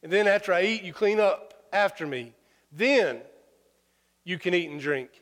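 A man voicing Jesus as a teasing storyteller, lively and mock-incredulous as he quizzes his followers, with long hall reverb. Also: high voice, normal speed. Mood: emphatic.

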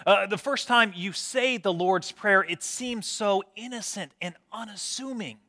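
Male pastor, slightly high, bright tone, storytelling sermon with wry humor. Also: unhurried. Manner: storytelling, self-deprecating humor.

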